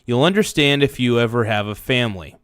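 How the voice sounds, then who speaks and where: A man's voice: mid-range voice, expressive, brisk, a bit bright, clean tone, no room sound, studio quality. A man streaming an angry rant, reading out messages and swearing heatedly. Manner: heated, profane, reads messages aloud and rants.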